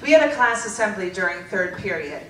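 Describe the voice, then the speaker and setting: A woman reading her teenage diary aloud at a live stage show, deadpan and often breaking into laughter. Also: medium pitch, a little fast, far from the mic, a little hiss or hum. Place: theater stage before a laughing audience. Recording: roomy live theater recording with loud audience.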